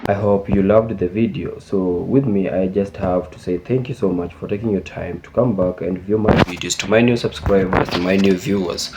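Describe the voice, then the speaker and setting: A man, the host of a video channel, thanking viewers slowly in an outro. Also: sits low, fairly even intonation, heavy background noise.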